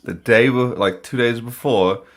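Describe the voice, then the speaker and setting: A man's voice: medium pitch, measured pace, fairly bright tone. A man telling a story on a podcast panel in a laid-back, profane, casual way, acting out the dialogue he quotes. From New Zealand.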